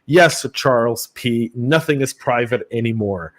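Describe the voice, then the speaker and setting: A man's voice: mid-range voice, lively intonation, moderate pace. A man with a Southern US accent co-hosting a live podcast, chatty and casual, often stammering on restarts. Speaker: podcast co-host.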